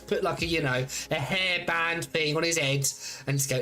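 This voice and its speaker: A man's voice: medium pitch, fairly quick, bright, forceful tone, faint music behind. A man streaming a game, chatting casually with viewers in a playful, teasing, rambling way full of fillers and restarts.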